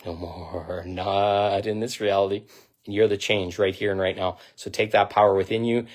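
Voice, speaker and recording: A man talking straight to camera in a spiritual monologue, blunt and profane, swinging between loud outbursts and low, intense delivery. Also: level tone, normal speed. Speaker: spiritual vlogger.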